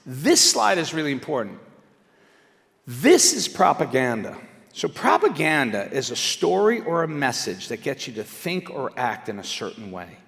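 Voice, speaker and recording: A middle-aged man giving an animated, conversational public speech, swinging between loud emphatic bursts and quiet asides. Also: medium pitch, vocal fry. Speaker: speaker at a live event. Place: large indoor venue. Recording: reverberant hall.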